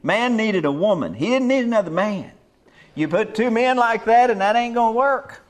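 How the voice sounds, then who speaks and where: A man's voice: high-pitched, expressive, moderate pace. A man preaching a sermon in folksy rural speech, building to emphatic exhortations.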